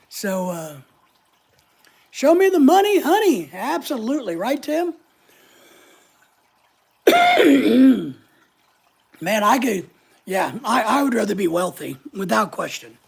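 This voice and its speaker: A man runs a casual live-stream chat, greeting viewers one by one and reading their comments aloud with jokes. His voice sits fairly high and has a gravelly, husky edge. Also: wildly swooping pitch, slow, long pauses. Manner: jokey, chatty, greets viewers by name.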